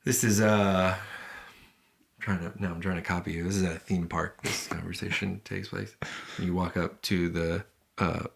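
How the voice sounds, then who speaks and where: Low-voiced man cracking dry puns. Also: little pitch movement, moderate pace, gravelly. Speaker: podcast co-host. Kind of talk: casual comedic chat.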